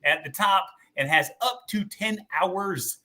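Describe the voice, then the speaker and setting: Upbeat bright-voiced man hosting a live show. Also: high voice, slow pace. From Texas. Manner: upbeat, promotional, reads viewer comments. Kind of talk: casual live-stream chat.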